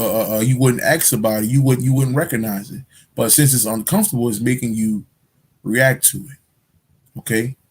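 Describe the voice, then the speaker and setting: A man talks loosely and casually to his viewers, swearing freely and doubling back on his words. His speech sits at an ordinary middle pitch, never forced, like an easygoing chat in front of the camera. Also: darkish tone, slightly rough. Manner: loose, profane street slang, repeats phrases. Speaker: spiritual livestream host. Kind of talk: casual livestream chat answering viewer questions.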